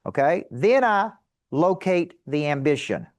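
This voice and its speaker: A middle-aged man teaching a seminar to a live audience as a sales coach, energetic and emphatic, asking rhetorical questions. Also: on the high side, measured pace, no room sound.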